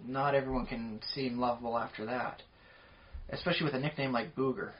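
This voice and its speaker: Over dull, lo-fi podcast audio, a man co-hosting the show goes on and on in casual conversation. His mid-range, fairly even voice moves fairly quickly, and his talkative rambling is full of fillers.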